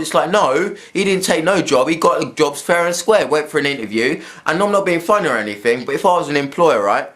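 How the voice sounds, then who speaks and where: A man's voice: a little high, animated, a little fast, few pauses, a bit bright. A man from England, ranting to camera in his room at home, swearing freely and repeating himself as he goes. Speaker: vlogger. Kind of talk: casual rant to camera.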